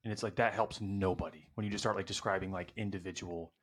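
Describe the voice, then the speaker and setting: A man hosts a casual podcast in a low-ish voice. He keeps things loose and upbeat, joking with his guest. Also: fairly even intonation, fast, slightly rough. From Arkansas. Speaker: podcast host.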